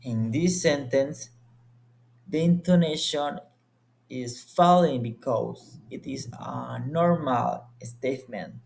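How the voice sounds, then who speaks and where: A young man from Colombia, a native Spanish speaker, giving a deliberate, word-by-word class presentation. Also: medium pitch, gravelly, darkish tone. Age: young adult. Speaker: student presenter. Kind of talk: slow, careful class presentation.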